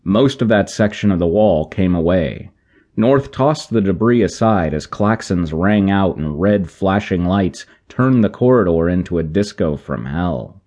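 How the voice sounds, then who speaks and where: A man narrating an action sci-fi audiobook in a measured, even way. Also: sits low. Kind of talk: scripted narration.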